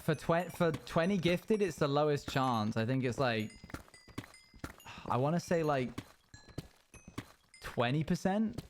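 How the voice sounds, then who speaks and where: A man's voice: fairly high pitch, expressive, slow pace, long pauses, slight background noise. A young man streaming a game, chatting casually and playfully with his viewers and laughing often. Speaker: livestreamer. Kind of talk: casual gaming stream chat.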